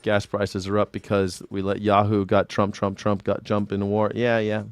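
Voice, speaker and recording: Profane, rambling man commentator, crisp and dry. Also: lowish voice, completely flat delivery, moderate pace, no room sound. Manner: rambling, profane, jokey, talks back to viewers by name. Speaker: independent news and culture commentator. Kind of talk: casual livestream commentary, reading chat. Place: home in Southern California.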